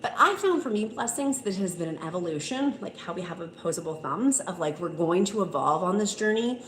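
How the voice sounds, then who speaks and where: A woman with a lowish, animated voice speaks a little fast as she hosts a live weight loss stream from a room at home. She chats casually and gushes while reading viewer comments aloud. The room is echoey, with faint noise.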